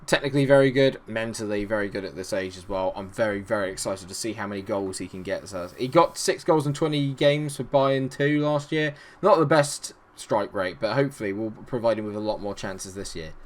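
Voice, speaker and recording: Gaming YouTuber, fairly low-voiced man, excitable and chatty, given to asides. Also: fairly quick, few pauses. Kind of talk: casual game commentary.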